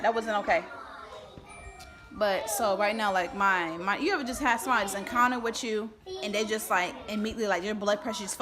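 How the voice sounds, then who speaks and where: A woman's voice: mid-range voice, fairly quick, music in the background. A woman venting on a live stream at home, rambling and upset, with children's voices around her. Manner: rambling, irritated and emotional, with restarts. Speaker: vlogger. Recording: kids chattering in the background.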